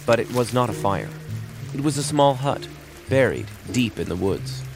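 A man narrating a fairy tale for children in a lively, wry storytelling manner. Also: medium pitch, moderate pace, creaky, over music.

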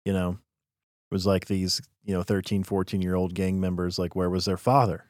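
A man co-hosting a podcast in casual conversation, agreeable and quick with short interjections. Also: low voice, level tone, darkish tone, dry recording, studio quality. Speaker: podcast co-host.

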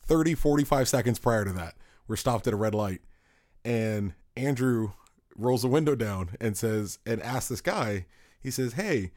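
Speaking at a measured pace, this man co-hosts a podcast in a casual storytelling chat, his medium-pitched voice darkish in tone yet lively in intonation. He wanders through his stories, cuts himself off, and laughs at his own anecdotes, all captured in a dry, clean studio recording.

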